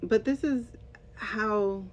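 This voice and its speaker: A woman's voice: drawn-out words, a little mellow. A woman who used to teach English, talking to her viewers in a casual commentary vlog. She is sarcastic and emphatic and addresses her audience directly. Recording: dull lo-fi sound with faint rumble.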